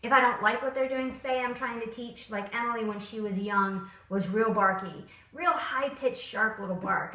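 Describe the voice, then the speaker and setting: Expressive woman dog trainer, roomy distant sound. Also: a little high. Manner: expressive, acts out upbeat and flat tones as examples. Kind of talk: casual instructional talk.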